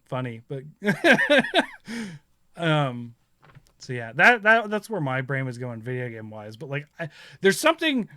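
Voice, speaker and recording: Bright-voiced man in rambling casual chat. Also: mid-range voice, very animated, moderate pace, dry recording. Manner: rambling, laughs often, acts out quotes. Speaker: podcast host.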